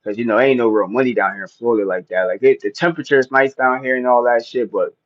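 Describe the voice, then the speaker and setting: A man with a North Jersey accent chats on a livestream in a relaxed, slangy way, laughing often. His voice sits at an average pitch. The audio is somewhat dull and lo-fi. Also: quick pace. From New Jersey. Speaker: livestream host. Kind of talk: casual livestream chat.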